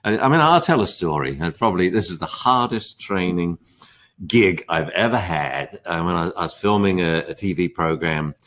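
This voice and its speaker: An older man, a dog trainer, telling lively stories about training dogs on a live stream. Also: low-pitched, normal speed. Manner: lively storyteller acting out dogs and owners in funny voices. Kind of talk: animated live stream chat.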